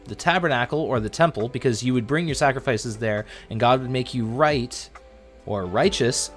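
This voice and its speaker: Playful, animated man teaching scripture. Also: normal speed, faint music behind. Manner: playful, animated, jokey asides and sudden pitch jumps. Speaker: livestream host teaching the Bible. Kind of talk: casual devotional teaching on a livestream.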